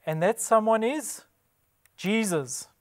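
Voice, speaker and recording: A man's voice: high voice, lively intonation, slow. A man giving a scripted religious presentation, emphatic, posing rhetorical questions and answering them himself. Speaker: Bible presenter.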